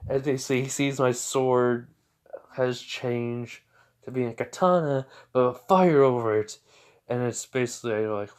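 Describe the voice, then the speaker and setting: A man's voice: mid-range voice, a little slow. Rambling, stuttering tired young man. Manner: rambling, full of fillers, with stutters. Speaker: fan story narrator. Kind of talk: improvised fan fiction storytelling.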